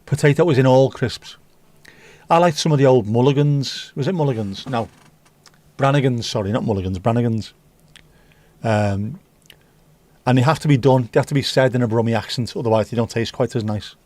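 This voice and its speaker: A man's voice: mid-range voice, fairly quick, darkish tone, no echo. A middle-aged man, hosting a livestream and rambling casually while reading out viewer comments. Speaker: livestream host. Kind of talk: casual chat.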